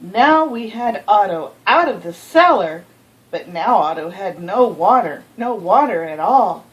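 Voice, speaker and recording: A woman reading a children's picture book aloud, expressive, with gasps and asides to the listener. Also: medium pitch, a little slow, muffled recording. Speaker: storybook reader.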